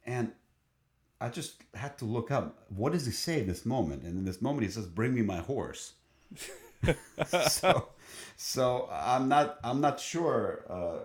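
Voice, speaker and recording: This man sings in a choir and has a medium-pitched, sing-song voice with plenty of reverb around it. He's eagerly recounting a story in conversation, often stopping to restart his sentences and filling gaps with hesitations.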